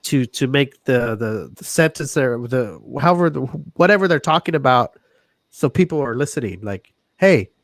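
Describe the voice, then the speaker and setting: A man's voice: mid-range voice, lively intonation, normal speed, no echo. A man hosting a casual podcast chat, rambling, restarting his words and laughing often. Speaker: podcast host.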